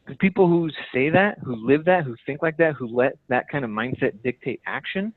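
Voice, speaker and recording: A man's voice: medium pitch, dry recording. Man coaching his team over a tinny phone line. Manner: emphatic, direct, repeats key phrases. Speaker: team leader on a sales team call. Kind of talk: motivational coaching talk.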